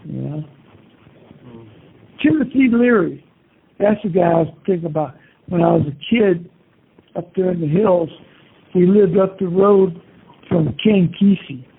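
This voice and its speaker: A man's voice: sits high, a little slow, creaky, long pauses, husky. An older man talking in a casual, meandering way, rambling through memories and leaning on "you know" and curse words. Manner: meandering, peppers talk with "you know" and cursing. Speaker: interviewee. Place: prison, over a phone call. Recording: tinny phone line.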